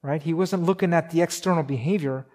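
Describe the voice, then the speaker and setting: Man, pastor, sermon, high-ish voice, conversational, halting restarts, loud emphasis then soft slow points. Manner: conversational preaching with many restarts and fillers.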